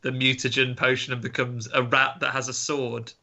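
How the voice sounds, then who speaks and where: Male co-host, bright tense tone, rambling casual delivery, muffled lo-fi recording. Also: mid-range voice, little pitch movement, normal speed. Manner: rambling, hesitant, lots of fillers. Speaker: podcast co-host. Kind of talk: casual chat.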